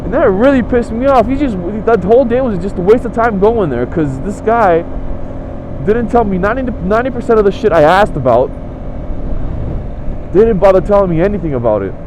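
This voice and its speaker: A man's voice: high-pitched, expressive, fairly quick, noisy background. A young man telling a story in a profane, exasperated, sarcastic rant. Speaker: motorcycle vlogger.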